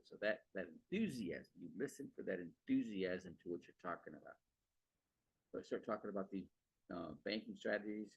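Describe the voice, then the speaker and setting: Husky deep-voiced man, rambling sales talk. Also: no echo. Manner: rambling, repeats words, frequent "okay" and "right". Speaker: podcast host. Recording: dull, dry lo-fi sound.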